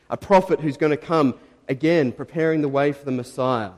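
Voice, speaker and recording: A man preaching a sermon as pastor, telling the story with animated quoted voices. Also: a little high, brisk, big-room sound. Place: church.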